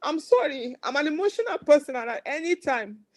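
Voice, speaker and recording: A woman's voice: sits high, very animated, quick pace, dry recording. A Nigerian woman in her forties with a Nigerian accent, giving an impassioned speech at a fundraiser in fervent, repetitive bursts. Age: 40s. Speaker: speaker at a campaign fundraiser.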